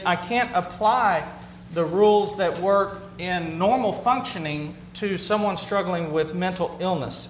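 A man's voice: sits high, a bit bright. Male pastor, plain-spoken and earnest, repeats himself as he preaches; echoey sanctuary sound. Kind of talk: conversational sermon. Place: church sanctuary with a congregation. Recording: roomy hall sound with faint hum.

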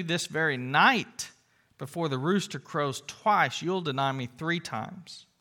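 A man preaching a sermon in a conversational way, retelling the story with lively asides to the congregation. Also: a little high.

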